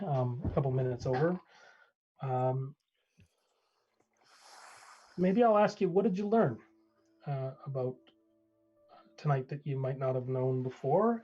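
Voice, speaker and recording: A game master narrating a live-streamed tabletop game, hesitant with lots of pauses and restarts. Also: mid-range voice, darkish tone, husky, muffled recording. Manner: hesitant, many ums and restarts.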